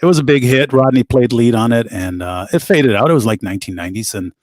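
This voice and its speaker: A middle-aged band musician, a guest, telling animated stories in a casual interview, quoting people as he goes. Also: medium pitch, fast, no echo, studio quality. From United States. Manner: animated anecdotes with laughs and quoted voices.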